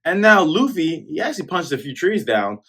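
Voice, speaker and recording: A man hosting a manga review show, retelling a chapter in a casual, excitable way and acting out the scenes as he goes. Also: on the high side, a little fast, slightly rough.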